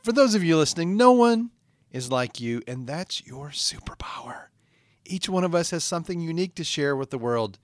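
Exasperated deadpan man hosting. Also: fairly high pitch, fairly quick, no room sound, studio quality. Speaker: podcast host. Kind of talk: comedic podcast chat and mock-motivational intro.

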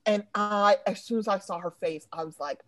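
A woman's voice: mid-range voice, normal speed, a bit bright, no room sound. A woman comedy writer chatting casually, telling profane stories and laughing mid-sentence. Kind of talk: casual podcast chat.

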